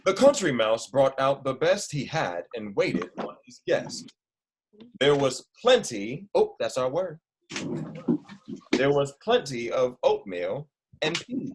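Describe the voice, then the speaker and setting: A man's voice: medium pitch, slow, background noise. A male teacher reading a storybook aloud to children and stopping to ask them questions. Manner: lively, asks the children questions.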